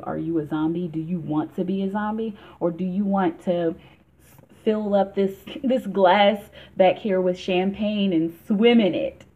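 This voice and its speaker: Chatty woman on tinny lo-fi audio. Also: mid-range voice. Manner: chatty and emphatic, laughs often. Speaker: tarot reader. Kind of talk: casual tarot reading vlog. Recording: tinny phone-like sound.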